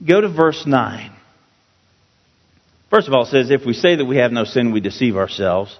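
A man teaching a Bible passage as a pastor, slow and emphatic, repeating key words for his listeners. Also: mid-range voice, animated. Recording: dull, roomy hall sound.

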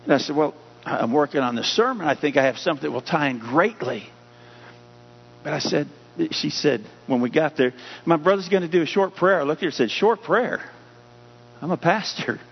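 A male pastor preaches in a somewhat high voice, lifting his delivery when he reads scripture aloud. The sound is dull and hum-laden, with a long reverb trailing off the walls of a large room. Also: fairly quick, husky. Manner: preaching with rising emphasis on scripture readings. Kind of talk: sermon.

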